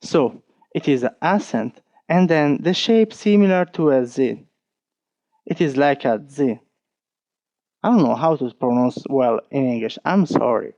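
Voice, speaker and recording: A man with an Italian accent, teaching an online lesson, talking slowly and patiently and counting strokes aloud. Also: medium pitch, expressive, darkish tone, no room sound, dull audio. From Italy. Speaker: language teacher.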